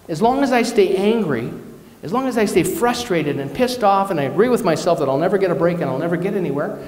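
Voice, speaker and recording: Male minister, slightly high voice, candid storytelling preacher who pokes fun at himself, recorded in a reverberant church hall. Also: lively intonation, fast, darkish tone. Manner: candid, personal storytelling with self-deprecating asides. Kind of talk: conversational sermon. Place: church or spiritual centre hall. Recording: echoey hall with long reverb.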